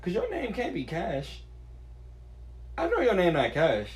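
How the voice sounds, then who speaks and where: A man rambles through a casual streamer monologue, talking a little slowly, his pitch swinging up and down as he gets worked up. He swears constantly and muses aloud in a profane, animated, wandering way.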